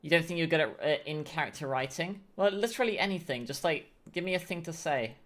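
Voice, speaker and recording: Low-voiced woman streamer chatting. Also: lively intonation, quick pace. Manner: chatty, thinking aloud. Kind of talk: casual game commentary.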